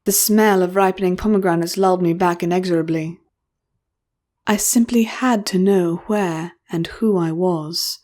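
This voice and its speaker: A woman's voice: lowish voice, steady tone, normal speed, a little mellow. Woman narrating a story. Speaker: audiobook narrator. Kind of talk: first-person audiobook narration.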